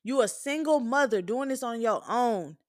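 Host, woman, 20s: candid, profane, emphatic monologue; slightly higher-pitched voice. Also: animated, normal speed, a little mellow. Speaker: podcast host.

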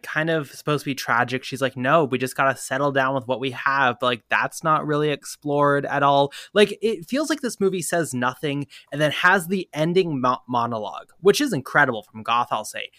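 A man's voice: a little high, sharp tone, no echo, studio quality. A man chatting casually about a film, wry and opinionated. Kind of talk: casual film-review chat.

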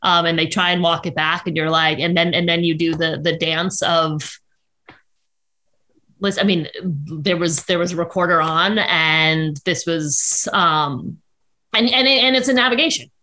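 A woman, a journalist guest on a podcast, talking casually in quick bursts with frequent restarts. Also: lowish voice, sharp tone. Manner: chatty, quick with many restarts.

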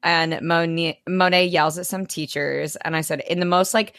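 Young woman podcast co-host, low-pitched, gushing casual chat full of likes and ums, dry close sound. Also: steady tone, normal speed, a bit bright, no room sound. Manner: gushing, filler-heavy with lots of likes and ums.

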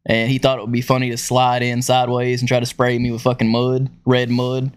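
A man with a drawl, mid-pitched and unhurried, tells long, profanity-laced stories about work mishaps. His talk wanders and loops back on itself in a loose, casual podcast chat. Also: completely flat delivery, clear, resonant tone. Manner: profane, rambling storyteller. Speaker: podcast co-host.

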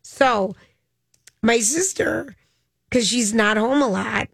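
A woman in her thirties co-hosting a radio show, chatting in an excitable, laughing way. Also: fairly high pitch, slow pace, vocal fry, breathy edge, dry recording. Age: 30s. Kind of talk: casual chat.

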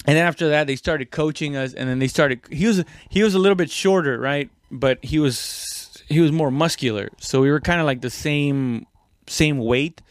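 A man's voice: fairly high pitch, moderate pace, dry recording, clean studio sound. A young man casually telling a story about fighting, rambling and profane, with lots of restarts and fillers.

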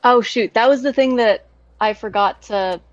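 A woman's voice: on the high side, moderate pace, dry recording. Casting: candid offhand woman player, dull lo-fi dry mic. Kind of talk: casual tabletop role-play.

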